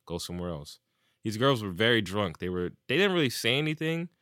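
A man's voice: mid-range voice, sing-song, fairly quick, fairly bright tone, dry recording, clean studio sound. A man in casual chat, animatedly retelling stories and acting out what people said, with plenty of swearing.

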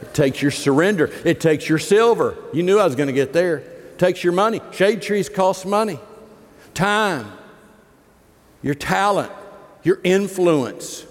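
A man's voice: sits high, animated, unhurried. A middle-aged man preaching a sermon, folksy and joking, rising into emphatic preaching. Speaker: pastor. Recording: long hall reverb.

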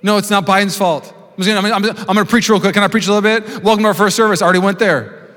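A pastor in his late thirties delivers a sermon, slipping into acted-out voices and swelling into fervent preaching. His voice sits a bit high for a man. Long reverb trails each phrase, as in a big church hall. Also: fairly even intonation, very fast. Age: 30s. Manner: storytelling, acts out voices, rising to loud preaching.

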